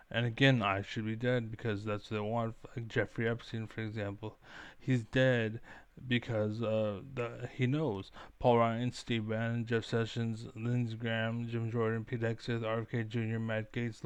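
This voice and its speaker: Young man in a flat, profane rant. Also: medium pitch, smooth, dry recording. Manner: rambling, profane, fired-up. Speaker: online commentator.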